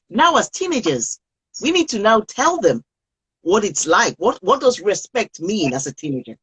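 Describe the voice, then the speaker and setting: Husky woman giving parenting advice. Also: medium pitch, big pitch swings, normal speed, a bit bright, rough recording. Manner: earnest, repeats phrases for emphasis. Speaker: parenting coach guest. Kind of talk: advice on a live video call. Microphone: video call.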